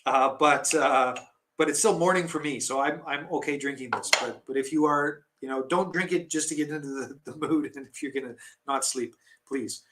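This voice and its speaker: Chatty guy rambling on a live stream about tea, kinda high voice, lots of restarts and little laughs. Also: moderate pace, fairly bright tone, slight background noise. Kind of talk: casual live-stream chat.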